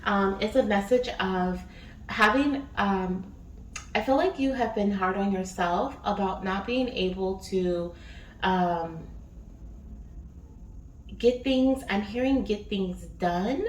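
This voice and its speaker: A woman's voice: mid-range voice, slow pace, long pauses. A woman giving a casual spiritual reading, chatty and rambling with many fillers. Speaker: spiritual reader. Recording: echoey room, distant mic, faint noise.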